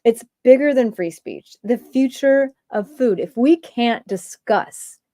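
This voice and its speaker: A woman's voice: on the high side, takes it slowly, warm tone, no echo, studio quality. A woman hosting a livestream, ranting in a rambling stream-of-consciousness way with many filler words. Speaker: livestream host.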